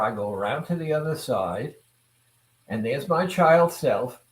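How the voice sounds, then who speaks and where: Slow, deliberate man in an echoey room. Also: medium pitch. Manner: deliberate, repetitive, asks the audience rhetorical questions. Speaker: self-improvement speaker. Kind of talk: motivational talk to viewers. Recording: roomy echo.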